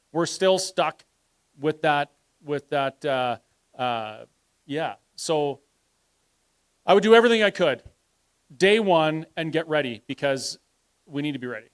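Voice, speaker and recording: A man speaking on a live panel, arguing forcefully and sometimes trailing off while searching for words. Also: high voice, lively intonation, moderate pace. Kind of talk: live public panel talk. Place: live event hall.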